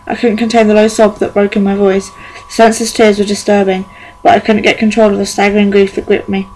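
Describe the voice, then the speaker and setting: A woman's voice: medium pitch, quick pace, few pauses, slight background noise, poor audio. A woman reading a novel aloud in an amateur audiobook, stumbling and correcting herself often. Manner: monotone reading with frequent stumbles and self-corrections. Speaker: fan audiobook reader.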